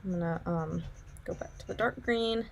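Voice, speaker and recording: A woman's voice: lowish voice, moderate pace, creaky, a little hiss or hum. A young woman teaching digital drawing, talking casually and thinking aloud as she works. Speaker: art instructor. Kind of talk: casual drawing tutorial narration.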